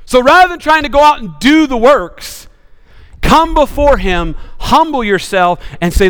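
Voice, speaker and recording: A male pastor preaching with passion, swinging from bold rises to sudden hushed drops. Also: very high voice, lively intonation, measured pace, clean tone, in a large hall. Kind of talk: sermon.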